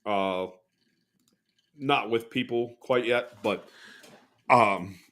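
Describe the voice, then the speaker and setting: A man's voice: medium pitch, extremely slow, fairly bright tone. A man hosting a podcast in loose, rambling casual chat, swearing freely. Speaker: podcast host.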